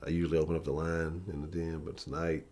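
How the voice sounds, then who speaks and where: A man's voice: a bass voice, little pitch movement, quick pace, a little mellow. A man hosting a live-stream sports talk show, ranting bluntly and profanely. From Houston area.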